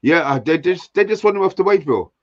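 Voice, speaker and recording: A man co-hosting a casual live stream who talks in a halting way, repeating words and saying "you know" often. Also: sits high, expressive, no echo, dull audio. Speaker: co-host.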